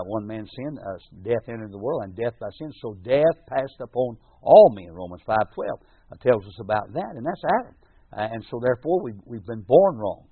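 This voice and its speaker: A man's voice: lowish voice, slightly rough, no echo. A man preaching a sermon in an earnest, repetitive manner, often restarting his words and lifting his voice when he quotes scripture. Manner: reads scripture in King James phrasing with rising emphasis. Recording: tinny phone-like sound, dry.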